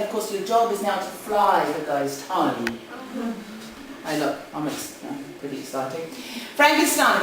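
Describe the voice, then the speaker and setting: Female presenter with a New Zealand accent, animated and jokey, recorded in a reverberant conference hall with faint room noise. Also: mid-range voice, far from the mic. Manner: chatty, jokey, animated with audience asides. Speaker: conference speaker for English teachers. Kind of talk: lively conference talk. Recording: echoey hall, speaker off-mic at times.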